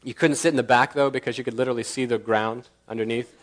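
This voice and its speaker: Lively storytelling preacher man. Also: mid-range voice, fast talker. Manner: animated, acts out dialogue in lively voices; laughs at his own stories. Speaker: pastor. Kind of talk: storytelling sermon.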